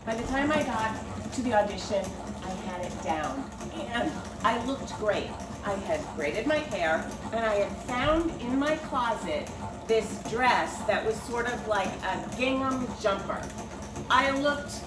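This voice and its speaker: A woman's voice: fairly high pitch, unhurried. Self-deprecating woman storyteller, echoey kitchen. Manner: self-deprecating, animated storytelling with acted-out quotes. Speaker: writer and storyteller. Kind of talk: personal storytelling monologue. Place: home kitchen. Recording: roomy home recording from a distance, with background noise.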